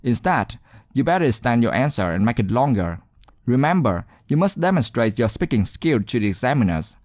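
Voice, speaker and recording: A male teacher narrates a speaking lesson with an animated, rising and falling voice. He sounds encouraging and deliberate and leans on key words. His voice is close and dry, with no room around it. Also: mid-range voice, dry recording. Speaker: English exam teacher. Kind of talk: scripted instructional narration.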